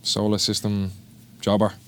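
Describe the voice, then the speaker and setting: A man with a Dublin Irish accent, a tattoo artist telling stories on a casual podcast, sweary and animated as he acts out what people said. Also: lowish voice, moderate pace, a little hiss or hum. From Ireland. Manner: sweary, animated storyteller acting out quotes.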